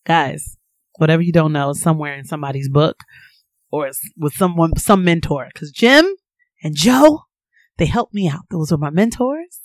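A woman co-hosting a podcast, telling a story with animated delivery, laughing and acting out quotes. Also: low voice, normal speed, no room sound. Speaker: podcast co-host. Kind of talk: casual storytelling chat.

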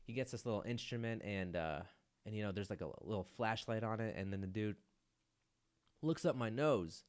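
Casual solo podcast host: a man with a lowish voice who rambles, mocks himself and swears freely. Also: moderate pace, darkish tone, clean tone. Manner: rambling and self-mocking, swears and says "dude" often.

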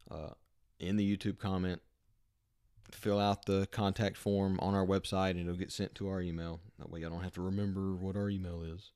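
A man's voice: low-pitched, flat delivery, normal speed, darkish tone, smooth. A man co-hosting a podcast in casual, profane, joking chat. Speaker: podcast co-host.

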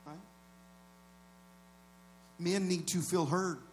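This man's sermon comes extremely slowly with fairly even intonation, and a slight hiss or hum sits in the audio. As pastor he talks conversationally to the congregation, dipping into low asides and building to loud shouted peaks.

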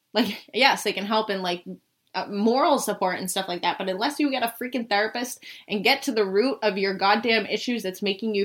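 A young woman from the Boston area telling a personal story in a casual, chatty way, saying "like" constantly and swearing now and then. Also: mid-range voice.

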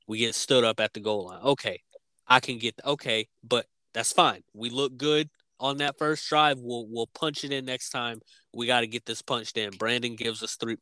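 A man's voice: medium pitch, fairly even intonation, normal speed, pushed and bright, no echo, poor audio. A young man co-hosting a podcast, ranting emphatically and swearing in frustration about his team's season. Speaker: podcast co-host. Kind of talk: heated sports rant.

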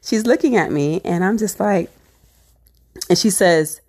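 A woman's voice: fairly low pitch, a little slow, slightly rough. Woman telling her faith story. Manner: animated, acts out her own past thoughts, many "like"s and "you know"s. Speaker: speaker sharing a faith testimony. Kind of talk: personal testimony, storytelling.

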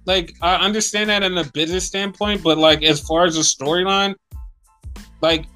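Male podcast co-host, casual and animated, swears a lot, high voice, faint music behind. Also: normal speed. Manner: animated, swearing, acts out wrestler rants. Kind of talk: casual wrestling chat.

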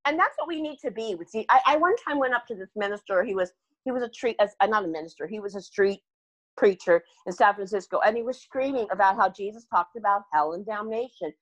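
A woman's voice: mid-range voice, animated, quick pace, dry recording, poor audio. An older woman talking earnestly as a podcast guest, rambling and restarting her sentences as she speaks. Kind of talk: candid podcast conversation.

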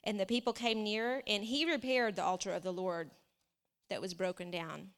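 A woman preaching a sermon, reading scripture aloud with lively asides. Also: mid-range voice, normal speed. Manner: animated, reads scripture aloud with asides and laughs. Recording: long reverb of a hall.

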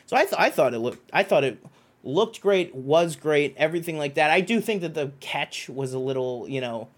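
Guy rambling on a podcast, fairly high voice, lots of likes and you know what i means. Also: normal speed. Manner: rambling, animated, lots of fillers and restarts. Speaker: podcast co-host. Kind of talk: casual chat.

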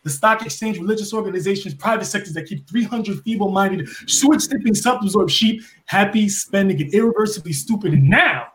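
A man from New York giving an impassioned monologue full of rhetorical questions, swinging between loud and soft as a podcast guest. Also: high-pitched, animated, fairly quick, few pauses, slight background noise.

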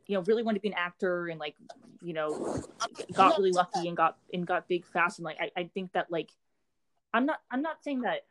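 A woman's voice: lowish voice, lively intonation, a little fast, slight background noise. A young woman talks in a loose, rambling way, stacking filler words and restarting her sentences as she chats with friends. Her delivery is casual and unpolished. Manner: rambling, filler-heavy, says "like" constantly. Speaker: podcast co-host. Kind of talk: casual chat.

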